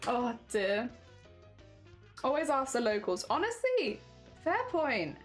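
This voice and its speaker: A high-pitched young woman chats casually on a live stream, laughing often as she answers her chat. Faint music plays behind her voice. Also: sing-song, slow pace. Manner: chatty, giggly, reads and answers chat.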